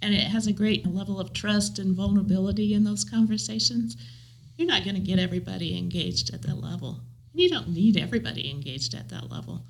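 A woman's voice: medium pitch, lively intonation, brisk, low-quality recording. A woman with an American Midwestern accent, answering interview questions in a reflective, earnest way. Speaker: guest, leadership trainer.

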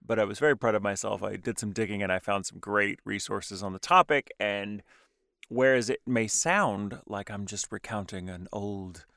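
Male podcast co-host, bright and expressive, dry close sound. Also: lowish voice, normal speed, gravelly, dry recording. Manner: animated, laughs often, trails off in restarts. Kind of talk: casual chat.

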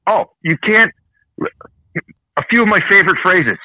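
A man from Canada hosting a heated political talk show, ranting fast and swearing often. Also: high voice, animated, no room sound. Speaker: show host. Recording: dry, phone-like narrow sound.

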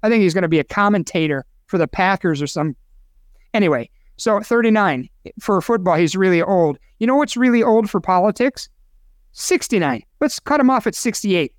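A man's voice: sits high, expressive, moderate pace, no room sound, studio quality. A man co-hosting a casual podcast chat, opinionated and rambling, getting himself worked up. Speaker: co-host.

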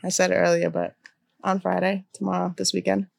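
A woman's voice: fairly low pitch, flat delivery, fairly quick, creaky, no echo, clean studio sound. A young woman from Boston co-hosting a casual podcast chat, laid-back and laughing often. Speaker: podcast co-host.

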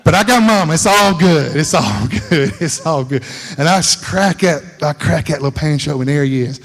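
Middle-aged man, sermon, folksy storytelling, fairly high voice, long hall reverb. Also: expressive, moderate pace. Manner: folksy storytelling, laughs often. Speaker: pastor.

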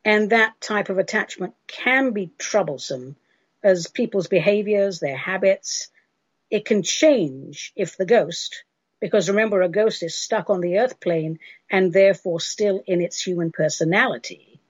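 Speaking unhurriedly in a medium-pitched voice with a breathy edge, an English woman radio host offers spiritual guidance, chatting emphatically and casually in reply to listener questions. There's no echo, but the radio sound is dull and lo-fi.

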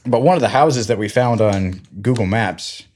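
He's a man in his thirties from Georgia in the US with a fairly low voice and a moderate pace. Chatting casually, he relates family stories with animation, mimicking how the people in them talk.

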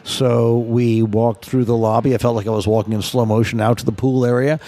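A man, a guest photographer, telling animated stories in casual talk and acting out the quotes. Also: mid-range voice, a little fast. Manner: animated anecdote teller, acts out quotes. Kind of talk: casual storytelling.

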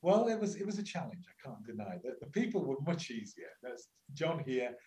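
Animated older man telling protest stories. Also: mid-range voice, fairly quick, low-quality recording. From England. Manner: lively anecdotal telling with many restarts and acted quotes. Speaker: climate scientist and lecturer, interview guest. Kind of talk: storytelling interview answers.

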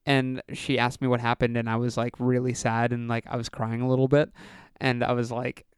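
A man's voice: mid-range voice, little pitch movement, fairly quick, clear, resonant tone, no echo, clean studio sound. A young man chatting casually as a podcast co-host, telling a story, filling it with "like" and acting out the people in it. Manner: storytelling with acted-out quotes and frequent "like".

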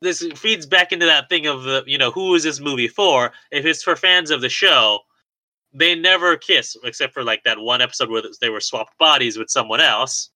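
A man's voice: mid-range voice, moderate pace, pushed and bright, no room sound, low-quality recording. A man co-hosting a podcast, casually recapping a film plot with lots of fillers. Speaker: podcast co-host. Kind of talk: casual movie recap chat.

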